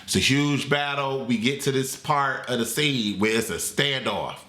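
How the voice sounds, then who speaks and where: A man giving a comedic movie review in a dramatic, sassy, animated way. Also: mid-range voice, normal speed, heavy background noise. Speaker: movie critic. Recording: roomy echo.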